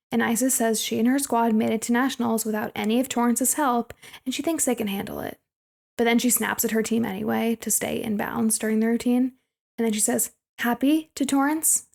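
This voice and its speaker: A woman's voice: fairly high pitch, vocal fry, a little mellow. A young woman co-hosting a movie podcast, chatting casually, laughing often and acting out quotes. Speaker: podcast co-host. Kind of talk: casual chat recapping a movie.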